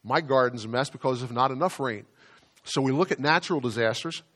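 Man, pastor giving a chatty sermon, mid-pitched voice, repeats words, slows down for emphasis. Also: fairly bright tone. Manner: conversational, slows down to stress key phrases, repeats words.

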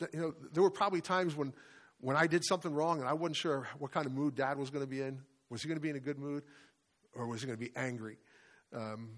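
A middle-aged man preaching a sermon in an earnest way, often asking his listeners questions. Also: mid-range voice. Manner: earnest, asks many questions. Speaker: pastor or Bible study leader.

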